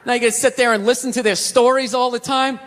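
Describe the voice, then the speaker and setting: High, bright-voiced ranting male comic. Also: steady tone, fast. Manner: ranting, exasperated, profane. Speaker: stand-up comedian. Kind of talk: stand-up comedy routine. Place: comedy stage in a large hall. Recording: reverberant hall, faint noise.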